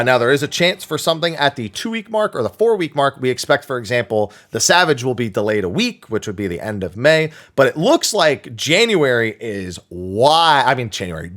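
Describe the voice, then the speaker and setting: Animated man chatting over faint music. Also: mid-range voice. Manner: animated, thinking aloud with fillers and restarts. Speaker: streamer answering viewer questions. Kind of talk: casual Q&A chat, reading questions aloud.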